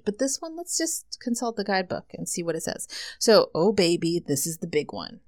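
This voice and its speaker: A woman hosting a solo podcast, reading tarot cards and talking in an excited, effusive way. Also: medium pitch, normal speed. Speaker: podcast host.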